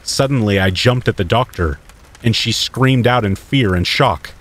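A man reading a scripted first-person horror story in a steady, measured way. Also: on the low side.

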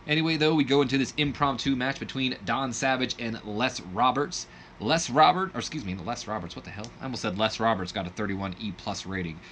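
A man's voice: mid-range voice, a little fast, fairly bright tone, slight background noise. A man narrating a wrestling sim in a rambling, self-correcting way, laughing at his own slips. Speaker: game commentator. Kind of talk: let's play narration.

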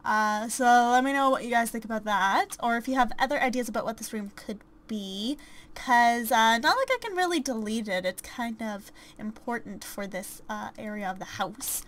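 A woman speaking at normal speed in a fairly high, slightly bright voice commentates on a life-sim game. It's relaxed let's-play talk, chatty and self-deprecating, with frequent ums and small giggles.

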